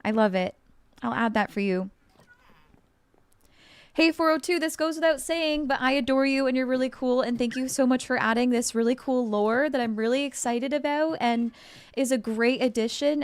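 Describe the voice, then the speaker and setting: A woman's voice: high voice, normal speed, smooth, no room sound. A woman streamer chatting casually with her viewers in a bubbly, effusive, giggly way. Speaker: livestreamer. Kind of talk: casual livestream chat with viewers.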